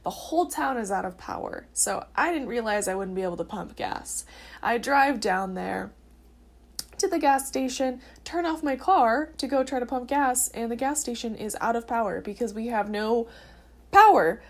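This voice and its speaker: Young woman, early twenties, slightly high voice, casual and heartfelt personal vlog delivery. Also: lively intonation, moderate pace. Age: early 20s. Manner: earnest and chatty, with filler words. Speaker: vlogger sharing her testimony.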